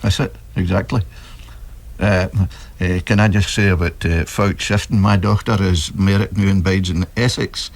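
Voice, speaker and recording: A man's voice: sits low, fairly even intonation, moderate pace, vocal fry. A middle-aged Scottish man on a radio panel, broad and plain-spoken. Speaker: panel guest.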